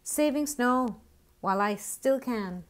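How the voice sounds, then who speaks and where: A woman's voice: on the high side, lively intonation, slow pace, voice pushed up. A woman reading the part of a cranky rabbit in a children's storybook, in a grumbling, complaining way. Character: grumpy rabbit who dislikes spring.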